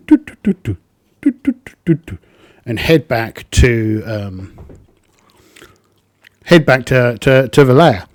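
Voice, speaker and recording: A man's voice: medium pitch, dry recording. A man narrating his solo tabletop game, thinking aloud with plenty of ums.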